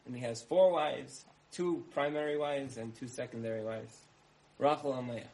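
A man's voice: a little high, rough recording. A man giving a talk, telling parables in a conversational way, repeating phrases and asking his listeners questions. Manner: conversational, uses repetition and asks listeners questions. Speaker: speaker.

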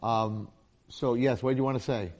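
A man's voice: mid-range voice, fairly even intonation, normal speed, a little mellow. A middle-aged man, a rabbi and longtime teacher, giving an informal Torah lecture, telling stories and acting out the voices of the people in them. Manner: storytelling with acted-out voices and jokes.

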